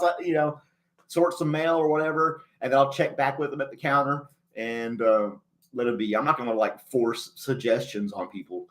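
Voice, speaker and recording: A man hosting a casual livestream chat, rambling in a folksy way and chuckling often, a little choked up and clearing his throat. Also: mid-range voice, a little fast. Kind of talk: casual chat reading a live chat.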